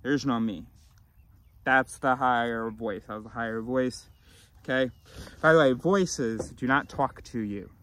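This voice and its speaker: A man vlogging in a rambling, philosophical monologue, often restarting his sentences and swinging between loud and mumbled. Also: mid-range voice, measured pace. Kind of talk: casual rambling monologue to camera.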